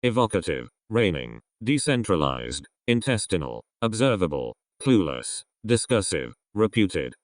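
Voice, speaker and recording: A man with a deep, low voice reads vocabulary words one by one at an unhurried pace. His pitch swings widely from word to word, and each word drops at its end. The sound is close and dry, with no room echo. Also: big pitch swings. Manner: slow, measured reading of single words with falling ends. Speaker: vocabulary reader. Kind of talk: word list read aloud.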